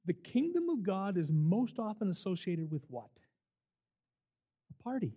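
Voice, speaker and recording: An older man, a camp director, giving a sermon full of stories, emphatic and animated as he acts out what people said. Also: high-pitched, unhurried. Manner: animated, emphatic storyteller who acts out quotes. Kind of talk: sermon with storytelling.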